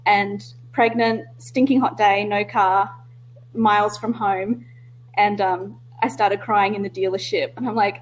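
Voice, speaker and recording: A woman's voice: mid-range voice, steady tone, measured pace, a little hiss or hum, rough recording. Candid woman in casual discussion. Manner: candid, self-interrupting, laughs easily. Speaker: discussion participant.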